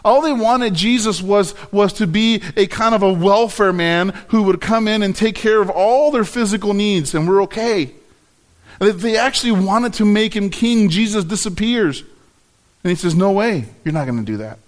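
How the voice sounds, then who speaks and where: High-voiced man preaching emphatically. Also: normal speed. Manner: emphatic, repeats words, stresses key phrases. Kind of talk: sermon.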